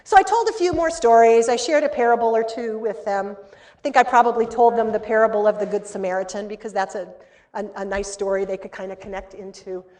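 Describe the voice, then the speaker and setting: Woman lecturer, fairly high voice, animated storyteller who acts out the dialogue. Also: fast. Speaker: seminary lecturer.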